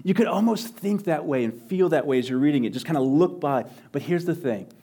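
A male pastor preaching with a slightly raised pitch. His delivery swings from loud, stretched-out emphasis to hushed, almost whispered lines. He repeats phrases to drive each point home. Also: animated, a little fast, slightly rough. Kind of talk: sermon.

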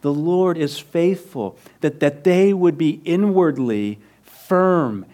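Preaching man, slightly high voice. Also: slow pace. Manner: conversational preaching, drops to soft low voice for emphasis. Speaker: pastor. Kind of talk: sermon.

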